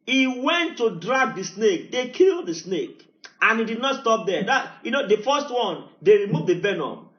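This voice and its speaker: A pastor with a very high, lively voice that swings widely as he preaches. He repeats lines, calls on the congregation by name, and leads them in prayer. The recording is dull and echoes around the church. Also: moderate pace. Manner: repetitive call-and-response preaching, rising to chanted prayer. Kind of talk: sermon storytelling and prayer.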